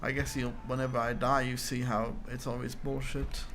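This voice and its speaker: Male streamer, mid pitch, casual and profane, laughs a lot, faint noise in the mix. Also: level tone, moderate pace, fairly bright tone. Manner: laid-back, swears, laughs often. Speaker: game developer streamer. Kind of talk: casual stream chat while gaming.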